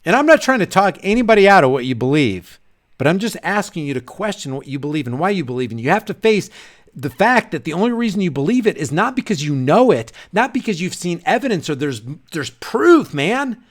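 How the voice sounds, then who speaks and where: A man hosting his channel, ranting in a casual livestream, rambling and animated with frequent restarts. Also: sits high, a little fast. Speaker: channel host.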